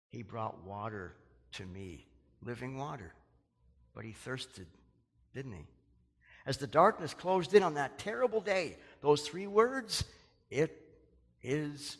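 Man preaching in a reverberant hall. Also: medium pitch. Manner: dramatic preaching, dropping to a hush on quoted words. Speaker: pastor. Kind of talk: sermon.

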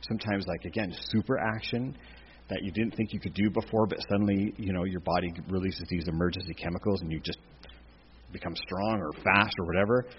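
A man's voice: low voice, fairly even intonation, fairly quick, a little hiss or hum. A man giving a casual, jokey teaching talk to a church class, with lots of restarts. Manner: chatty, jokey, many restarts. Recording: echoey hall, dull lo-fi sound.

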